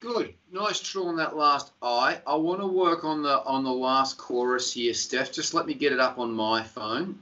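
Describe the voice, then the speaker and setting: Bright-voiced male singing teacher. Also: medium pitch, normal speed, few pauses. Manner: explains and corrects step by step with brief praise. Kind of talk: online singing lesson coaching. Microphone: video call. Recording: dull distant video-call audio.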